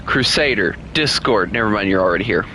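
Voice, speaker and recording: A man's voice: lowish voice, animated, fairly quick, bright, forceful tone, a little hiss or hum. A man streaming a game, chatting casually with his viewers, teasing them and laughing often. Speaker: gaming streamer. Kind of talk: casual live-stream chat while playing.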